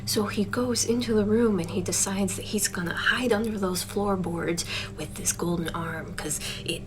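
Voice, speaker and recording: A woman telling a spooky campfire ghost story in a hushed, mostly whispered voice. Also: medium pitch, moderate pace, rough recording.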